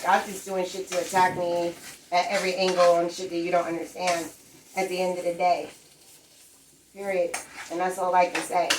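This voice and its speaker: A woman's voice: fairly low pitch, background noise. A woman on a live stream, ranting in a rambling, profane, agitated way from her apartment. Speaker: livestreamer.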